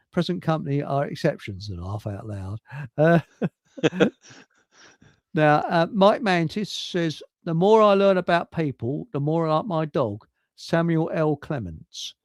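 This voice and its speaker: An older man hosts a livestream, rambling through jokes and reading chat messages aloud with frequent chuckles in a casual chat. His voice is a little high and very animated yet unhurried, in a dry recording.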